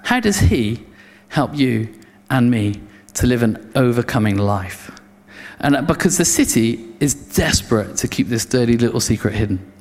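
Preacher in an echoing hall. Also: male voice, medium pitch. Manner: animated storytelling with many restarts, acting out crowd voices. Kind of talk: sermon. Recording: long reverb of a hall.

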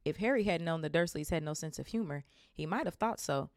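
A woman's voice: low-pitched, lively intonation, fairly quick, no room sound, studio quality. A woman hosting a podcast, reading a novel aloud with casual, amused asides. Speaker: podcast host.

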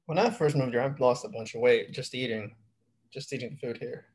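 A man's voice: medium pitch, fairly quick, darkish tone, husky. A man co-hosting a casual podcast, rambling in a laid-back, slangy way. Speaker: podcast co-host. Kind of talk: casual chat.

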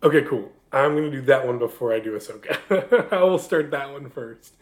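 A man's voice: medium pitch, lively intonation, normal speed. A man co-hosting a podcast, chatting casually in a jokey, teasing way and laughing often. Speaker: podcast co-host. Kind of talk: casual chat.

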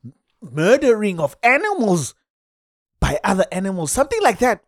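A man with a South African accent telling a comic story in an animated way, dropping in Xhosa exclamations. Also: high-pitched, moderate pace, no room sound, clean studio sound.

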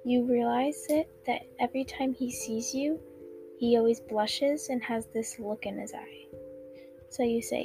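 Halting woman reading her own story. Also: on the high side, fairly even intonation, gravelly, music in the background. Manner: halting, stuttering, many fillers. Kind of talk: reading her own fan fiction aloud.

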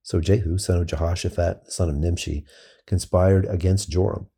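A man reads scripture aloud at a steady, measured pace. His voice sits very low, with a gravelly, creaky grain. The tone is dark and husky. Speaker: scripture reader. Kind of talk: scripture reading.

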